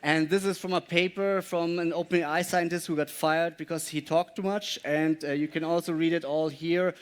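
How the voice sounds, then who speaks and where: A man gives a live presentation, walking his audience through slides. His voice sits a little high and comes across smooth and clear, and he pauses often as he explains and invites questions. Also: fairly even intonation.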